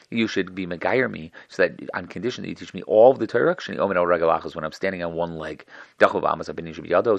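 A man teaching a text aloud, translating line by line and quickly acting out the exchanges between the characters. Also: vocal fry, dry recording, lo-fi sound. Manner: fast, acting out the dialogue with raised-pitch questions. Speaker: Talmud teacher.

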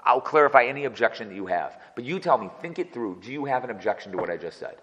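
A man's voice: mid-range voice, animated, quick pace, fairly bright tone, big-room sound, lo-fi sound. A man teaching a text study class as its teacher. He reads verses and then translates and explains each one. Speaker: Torah teacher.

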